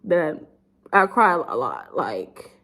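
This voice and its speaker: A woman's voice: low voice, very animated, slow, fairly bright tone. Young woman rambling through grief. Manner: rambling, heavy use of "like", blunt and profane. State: grieving, subdued. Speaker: YouTuber. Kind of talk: emotional storytime vlog.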